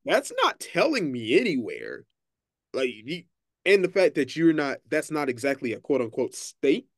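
A man's voice: fairly high pitch, wildly swooping pitch, moderate pace, dry recording, clean studio sound. A man co-hosting a casual podcast, talking boldly and emphatically with plenty of swearing. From Texas, USA. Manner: bold, emphatic, profane. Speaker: podcast co-host. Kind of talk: casual chat.

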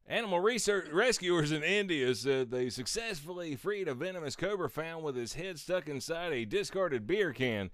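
A man's voice: a little high, expressive, normal speed, few pauses, a bit bright, no room sound, studio quality. A man hosting a podcast who reads news headlines and cracks sarcastic jokes about them. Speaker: podcast host. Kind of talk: comedic news reading.

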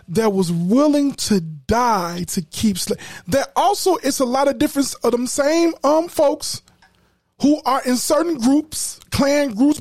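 Emphatic high-voiced podcast host. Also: male voice, darkish tone, dry recording, studio quality. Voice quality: emphatic, preacherly, repeats words. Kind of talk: casual commentary.

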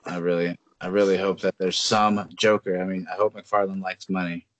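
A man co-hosting a podcast in casual chat, chatty and quick to laugh between remarks. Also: low-pitched, flat delivery, a bit bright, dry recording. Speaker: podcast co-host.

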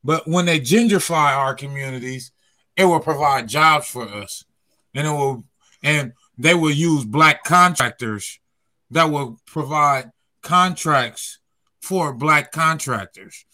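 Fairly high-voiced man explaining at length. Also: slow pace, pushed and bright, no echo. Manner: explains at length, building his argument. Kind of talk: casual group discussion.

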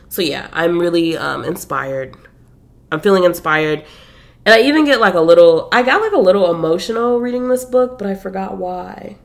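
Woman podcast host, slightly low voice, loose and chatty, slangy casual delivery. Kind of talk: casual chat about books.

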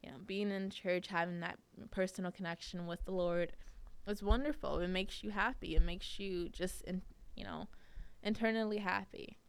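Young woman rambling through a personal story, gravelly but smooth, dry close sound. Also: on the low side, fairly even intonation, normal speed, no echo. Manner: chatty, many fillers, laughs often. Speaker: podcast host.

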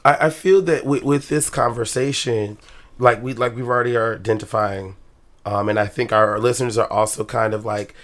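A man's voice: medium pitch, steady tone, normal speed. A man co-hosting a casual podcast, thinking aloud with many restarts and fillers. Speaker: podcast co-host. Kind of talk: casual chat.

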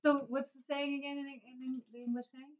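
A woman's voice: sits high, little pitch movement, a little fast, dull audio, heavy background noise. A competitive woman playing a guessing game with friends, laughing often. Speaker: game player. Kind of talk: casual chat.

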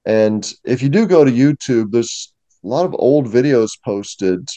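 A man's voice: medium pitch, measured pace, no room sound. A man, a museum curator, talking casually and knowledgeably as a guest in a discussion. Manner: knowledgeable, explanatory, steady.

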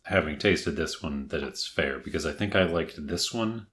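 A man co-hosting a podcast, talking casually in a measured, thoughtful way, weighing his words. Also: rumbling low, animated, a bit bright, slight background noise. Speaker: podcast co-host. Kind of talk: casual chat.

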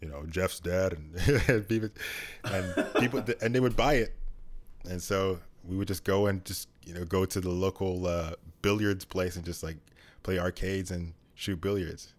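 A man with a deep voice chatting casually as co-host, rambling with many fillers. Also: fairly even intonation, moderate pace. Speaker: podcast co-host. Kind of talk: casual chat.

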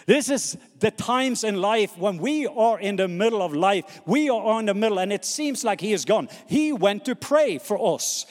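A man preaching a sermon, reading scripture slowly and having the congregation repeat words back. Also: high-pitched, animated. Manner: call-and-response, has the congregation repeat words; slows down to read scripture dramatically. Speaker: pastor. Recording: long hall reverb.

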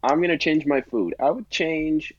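A young man on a voice call, talking in a dry, deadpan, sarcastic way. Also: fairly high pitch, moderate pace, breathy edge, no room sound, muffled recording. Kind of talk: casual chat.

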